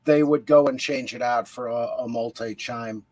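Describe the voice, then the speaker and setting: A man's voice: mid-range voice, fairly even intonation, normal speed, darkish tone. A man chatting casually on a podcast, giving knowledgeable comments and dry quips. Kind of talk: casual chat.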